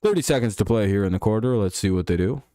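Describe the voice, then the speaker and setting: A man's voice: on the low side, quick pace, dry recording, studio quality. A man hosting a live stream, calling a football game play by play and chatting casually with viewers, with profane banter. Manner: relaxed play-by-play mixed with profane banter with chat.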